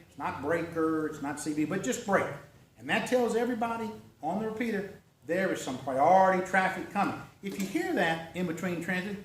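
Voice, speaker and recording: High-voiced man lecturing a club meeting. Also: slight background noise. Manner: folksy, conversational, checks in with "okay?" and "right?". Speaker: club presenter. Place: meeting room. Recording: echoey room recorded from far off.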